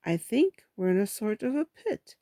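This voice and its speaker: A woman voicing a small, timid young piglet in a storybook reading, squeaky and nervous. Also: very animated, normal speed, dark tone, dry recording, studio quality, close to an everyday voice. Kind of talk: storybook read-aloud.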